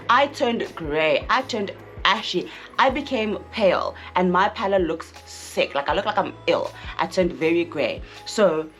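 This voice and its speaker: A young South African woman chats candidly to her camera with a slightly low-pitched voice. She speaks frankly and doubles back on phrases to drive her points home. Faint music hums in the background. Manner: frank and chatty, repeats phrases for emphasis. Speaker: vlogger. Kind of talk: casual candid vlog talk to camera.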